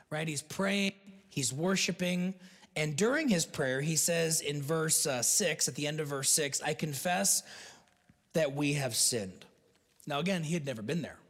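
A high-pitched man from the United States delivers a conversational sermon, acting out the lines he quotes as he goes. His voice trails off into a long reverb, as if he were in a large hall. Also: a bit bright. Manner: conversational preaching with restarts and acted-out quotes. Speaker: pastor.

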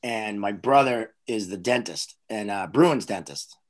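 A comedian, telling stories in casual chat with frequent restarts. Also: male voice, lowish voice, a little slow. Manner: rambling, animated storyteller with restarts. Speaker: comedian host.

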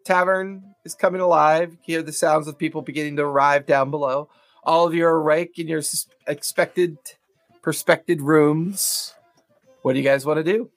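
Male game master, fairly high voice, unhurried narration with fillers, dry mic, faint background music. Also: no room sound. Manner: relaxed, hesitant narration with fillers.

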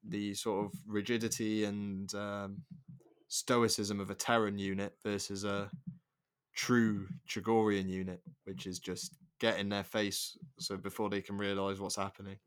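A man in a casual podcast chat, talking in a hesitant, measured way. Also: fairly low pitch, level tone, clear, resonant tone.

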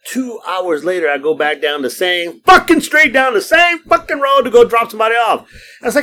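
A man's voice: sits high, fast talker. A middle-aged man hosting a podcast, telling rambling stories in casual, profane chat. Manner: profane, lively storytelling. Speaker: podcast host. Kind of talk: casual storytelling.

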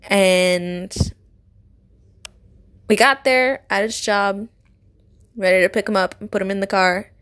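A woman's voice: medium pitch, fairly even intonation, slow, long pauses, clear, resonant tone. Young woman telling a heartfelt story. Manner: heartfelt and emotional, often dropping to a soft whisper. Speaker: vlogger. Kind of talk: personal faith-based storytelling.

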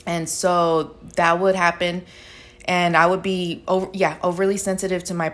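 A woman's voice: fairly low pitch, little pitch movement, normal speed. A woman hosting a casual podcast chat, reflectively sharing personal stories about her family and relationships. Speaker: podcast host.

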